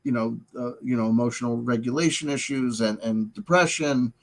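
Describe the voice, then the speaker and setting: A middle-aged man talking through a personal confession in a halting, rambling way, full of restarts and filler words, wearing headphones. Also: mid-range voice, fairly even intonation, poor audio. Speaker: vlogger. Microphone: headset headphones.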